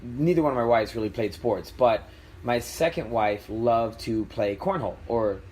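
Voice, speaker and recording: A man's voice: mid-range voice, lively intonation, normal speed, a little mellow, slightly rough, poor audio. A man co-hosting a casual podcast, rambling frankly with chuckling asides. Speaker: podcast co-host. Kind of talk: casual chat.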